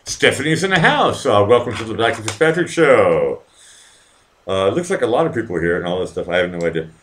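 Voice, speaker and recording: Man, deep, lively pitch swings, streaming host, reads chat aloud, swears freely, drifts off topic, goofy put-on voices. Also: a little fast. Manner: rambling, profane, easily distracted; puts on silly voices for quoted comments. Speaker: live-stream show host. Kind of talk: casual live-stream chat, reading viewer comments.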